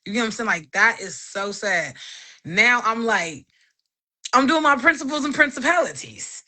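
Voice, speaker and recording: A woman in casual chat, animated and laughing often, giving an emphatic faith-filled testimony with lots of repetition. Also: a little high, normal speed.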